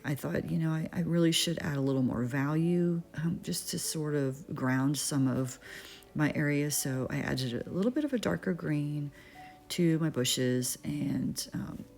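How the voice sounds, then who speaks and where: A middle-aged woman narrating a painting tutorial, talking it through as she works, relaxed and thinking aloud with small fillers and restarts. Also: low voice, creaky. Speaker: art instructor. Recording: faint music behind.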